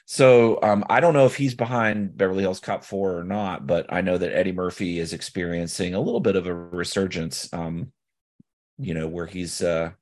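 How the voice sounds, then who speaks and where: A man's voice: sits low, fairly even intonation, moderate pace, a little mellow. A man co-hosting a podcast, talking about movies in a loose, rambling way full of fillers and restarts. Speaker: podcast co-host. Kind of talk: casual film discussion.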